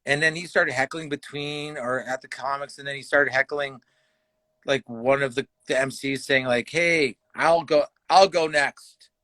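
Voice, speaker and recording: A man's voice: mid-range voice, flat delivery, normal speed, pushed and bright, dry recording. A man from Canada, a comedian guest, telling a rambling, profane story in casual chat and acting out the quotes heatedly. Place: livestream talk show.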